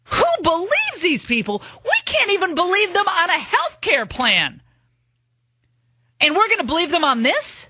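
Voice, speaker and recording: A middle-aged woman hosting a political talk radio show, delivering a sarcastic, mocking monologue of rapid-fire lists. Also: very high voice, wildly swooping pitch, pushed and bright, dry recording, highs cut off.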